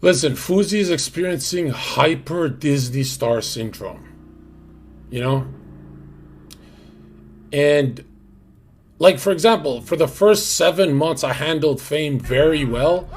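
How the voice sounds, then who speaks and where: A man's voice: a little high, expressive, slow pace, long pauses, slight background noise. A young man hosting a livestream, talking in a rambling, slangy way with lots of fillers and restarts. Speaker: livestream host. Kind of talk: casual livestream chat.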